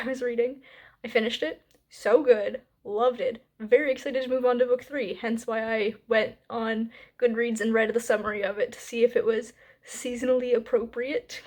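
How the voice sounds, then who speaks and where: A woman's voice: a little high, a little mellow. Chatty upbeat young woman book vlogger. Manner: chatty and upbeat, with little laughs and quick asides. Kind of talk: casual reading vlog. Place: at home, indoors.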